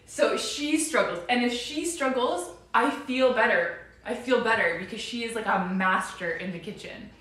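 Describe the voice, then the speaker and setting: A woman's voice: fairly high pitch, moderate pace, hardly any pauses, a bit bright. A young woman livestreaming from her home kitchen, chatting casually and giggly with viewers, rambling as she goes. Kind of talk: casual cooking livestream chat. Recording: echoey room, mic a bit far off.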